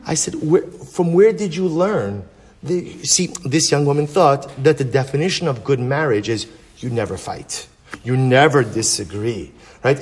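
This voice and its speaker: A man, a rabbi, teaching a Torah class with animated rhetorical questions and storytelling. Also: mid-range voice, husky.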